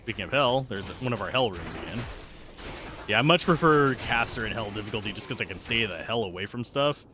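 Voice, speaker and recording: Chatty, lively male game streamer. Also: fairly low pitch, fairly quick, music in the background. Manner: chatty, rambling, self-deprecating; reads and answers chat. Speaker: streamer playing a game live. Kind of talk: live gameplay commentary.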